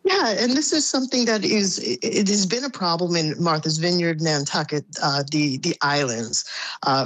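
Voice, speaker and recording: A woman with a deep, husky voice talks as an interview guest. She explains patiently, thinking aloud and restarting her sentences as she goes. The sound is dry and close, with no room around it. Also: no room sound. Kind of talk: conversational interview.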